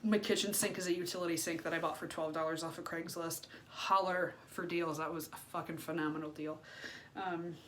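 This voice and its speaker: A woman in her thirties talks candidly to camera in a personal vlog. Her voice sits on the lower side and the talk is loose and unfiltered, full of swearing and fillers. A faint hiss runs underneath. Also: fairly even intonation, brisk, a bit bright. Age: 30s. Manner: frank and unfiltered, swears freely, many fillers. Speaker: vlogger.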